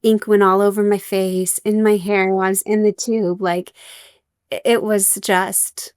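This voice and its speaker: A woman's voice: medium pitch, little pitch movement, measured pace, darkish tone, smooth, no echo, studio quality. A young adult woman, a podcast guest, telling her story candidly with wry humor and many fillers.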